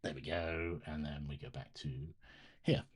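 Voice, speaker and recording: Low-voiced British man chatting while coding. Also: steady tone, a little slow. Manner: rambling, self-interrupting, chatty with viewers. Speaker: live-streaming open source maintainer. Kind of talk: casual live-stream chat while coding.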